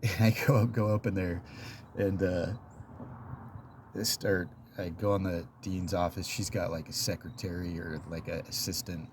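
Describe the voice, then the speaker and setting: A man's voice: deep voice, steady tone, normal speed, background noise. A man casually telling a personal story in a chatty, rambling way, full of fillers and little laughs.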